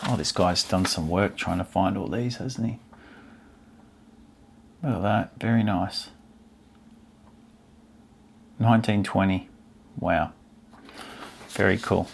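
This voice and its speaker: A man's voice: deep voice, measured pace, creaky, pauses often, a little hiss or hum. A man hosting a stamp collecting channel, chatting casually and musing aloud as he pages through an old album, easily delighted by what he finds. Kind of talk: casual chat while browsing an album.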